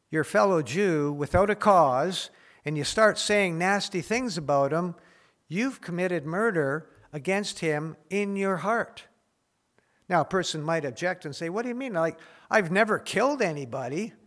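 A man delivers a sermon in a plain, conversational way, stopping to rephrase as he goes. His voice sits a little high for a man. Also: fairly bright tone. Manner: conversational teaching, with small restarts and paraphrased quotes. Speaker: preacher.

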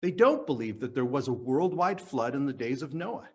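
A man preaching a sermon at a church service, earnest and teaching, slowing down to stress key words. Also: mid-range voice, lively intonation, slightly rough. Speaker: pastor. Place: church service on a live stream.

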